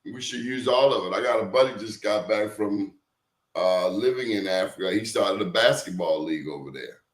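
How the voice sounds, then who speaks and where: A man's voice: on the low side, normal speed. A man in casual conversation, telling stories emphatically with blunt slang. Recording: roomy echo.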